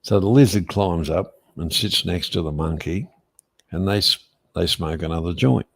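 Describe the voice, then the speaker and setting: A man drifts through a long joke in casual chat, doubling back whenever he loses his place. His voice sits very low and carries a gravelly rasp. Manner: slow, meandering storyteller who loses his thread.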